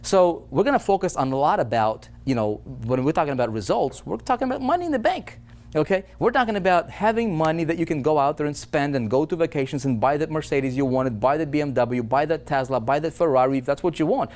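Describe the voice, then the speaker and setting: A man giving a motivational sales pitch, persuasive and full of "right?" and "you know". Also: expressive, fast talker, darkish tone. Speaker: online business presenter.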